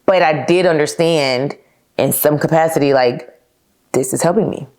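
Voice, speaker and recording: A young woman hosts her own podcast and talks her listeners through a personal story. Her voice sits a little low, and her delivery is candid and conversational, full of fillers and asides. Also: moderate pace, a little mellow. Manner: chatty and candid, addresses listeners as "y'all"; laughs now and then, frequent fillers like "like". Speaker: podcast host.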